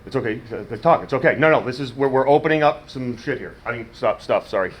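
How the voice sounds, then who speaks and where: A man coaching wrestling promos in casual, animated talk, demonstrating cadences and coaxing a student. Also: medium pitch, fast talker. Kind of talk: casual teaching. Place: wrestling school training room. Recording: echoey room from far off.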